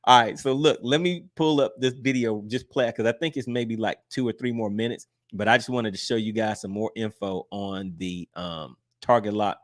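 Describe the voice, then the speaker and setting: A man chats casually with his livestream viewers as a fishing channel host. His voice sits a little low, and his easygoing talk wanders with plenty of "all right"s. The sound is close and dry, with no room echo. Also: steady tone, normal speed, few pauses.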